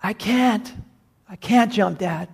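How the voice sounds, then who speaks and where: A man's voice: high voice, takes it slowly, vocal fry, husky, pitched above the performer's own voice, full character voice. A man acting out a frightened son trapped in a burning house, calling to his father. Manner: fearful, hesitant replies.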